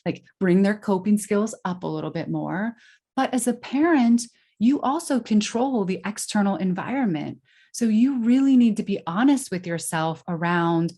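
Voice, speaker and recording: A woman's voice: on the low side, a little mellow. A woman guest on a podcast, giving parenting advice in an earnest, explanatory way with frequent fillers and restarts. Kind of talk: conversational interview answer.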